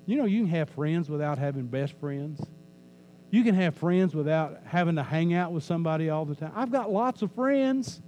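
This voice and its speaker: A pastor preaching a conversational sermon in a church, joking with the congregation and repeating phrases for emphasis. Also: male voice, on the high side, expressive, moderate pace, warm tone, low-quality recording. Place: church sanctuary. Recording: faint mains hum.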